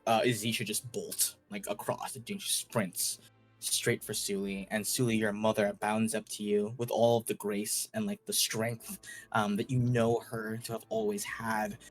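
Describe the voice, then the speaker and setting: A man's voice: lowish voice, flat delivery, normal speed, soft background music. Man narrating as game master. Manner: loose, filler-heavy narration.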